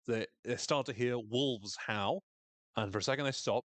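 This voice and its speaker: Male podcast host, mid pitch, excitable recap talker who curses casually and mimics lines, recorded dry and close. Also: moderate pace, no echo. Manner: enthusiastic, swears freely, acts out quoted lines in shifting voices.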